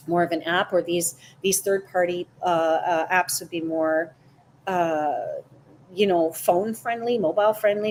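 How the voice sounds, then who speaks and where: A woman hosting a casual psychic live stream, animated and chatty, greeting viewers by name. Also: mid-range voice, slight background noise. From Canada. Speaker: psychic livestream host.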